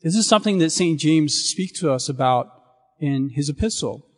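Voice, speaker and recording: Male priest, slightly higher voice, measured solemn delivery, long church reverb. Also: lively intonation. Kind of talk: liturgical reading and sermon.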